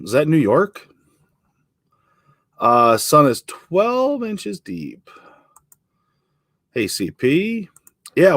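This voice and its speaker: Speaking at a medium pitch, a male livestream host chats casually and reads out comments, calling viewers by name. He is relaxed and rambling, full of ums, uhs and restarts, captured in clean studio sound without echo.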